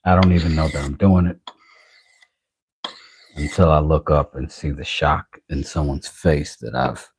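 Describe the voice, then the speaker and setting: A man's voice: very deep voice, darkish tone, husky, no echo. A man hosting a knife-sharpening livestream, chatting casually and self-deprecatingly with viewers. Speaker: knife-sharpening channel host.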